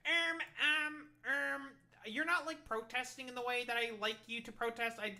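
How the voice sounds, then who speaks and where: A man's voice: extremely high pitch, fairly even intonation, moderate pace, gravelly, bright, forceful tone, pitched above the performer's own voice, heavily acted. A man putting on a simpering, stammering voice to mock a prissy scold who fusses over how people protest. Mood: mocking whine.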